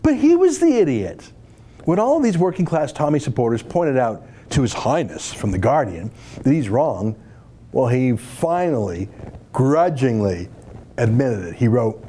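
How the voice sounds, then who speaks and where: A man's voice: mid-range voice, sing-song, a little slow, dark tone, breathy edge. A man giving sarcastic political commentary, indignant and mocking, full of rhetorical questions.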